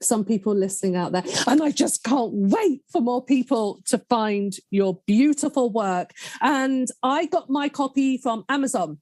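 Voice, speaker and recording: A woman hosting a podcast conversation with a fairly high voice, heaping affection on her guest with words like darling and love. She is openly emotional and close to tears as she talks. The sound is dry and close. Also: animated, unhurried, few pauses, a little mellow, no room sound. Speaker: podcast host. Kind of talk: casual interview chat.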